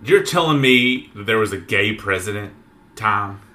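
Male podcast co-host, bright voice, deadpan jokes. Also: on the low side, unhurried. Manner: deadpan mock-outrage. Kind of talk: casual chat.

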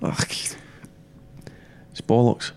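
A middle-aged man, a former player, talking football in a blunt, animated, repetitive way. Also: very slow. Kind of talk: casual football chat.

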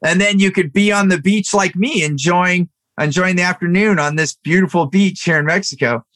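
A boastful rich man on a yacht, eager and persuasive as he pitches his plans, as a man retells him in a story. His voice is lifted a little higher and sounds dry and close. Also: normal speed, fairly bright tone, dry recording.

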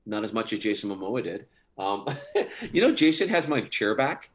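Man, actor guest, lowish voice, chatty, rambling, laughs a lot, casual interview. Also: sing-song, moderate pace. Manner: chatty storytelling, laughs often, many fillers.

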